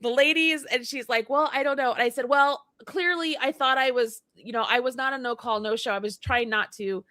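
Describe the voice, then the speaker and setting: Bright, animated woman telling a story. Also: high-pitched, brisk, hardly any pauses, no echo, studio quality. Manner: animated, acts out both sides of the story, gets worked up. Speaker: co-host. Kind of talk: casual storytelling chat. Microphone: livestream mic.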